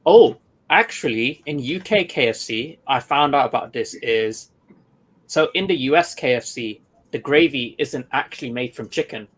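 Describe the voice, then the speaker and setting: A man chatting casually on a video call, animated and full of "like"s. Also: medium pitch, normal speed, slightly rough. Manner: animated storytelling, many "like"s. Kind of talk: casual chat.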